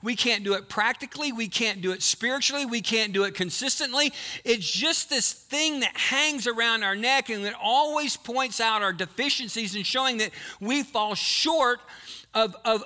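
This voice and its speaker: Male pastor, sermon, high voice, very bright sharp tone, animated, questions the congregation. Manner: animated, quizzes the congregation, swings between fast and slow emphasis. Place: church before a live congregation.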